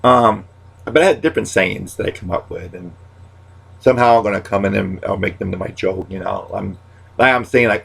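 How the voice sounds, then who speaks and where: A man's voice: on the low side, fairly quick, gravelly. A man in his thirties, a stand-up comic, talking to camera in a loose, rambling monologue full of restarts and pet catchphrases. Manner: goes quiet and subdued when talking about loss.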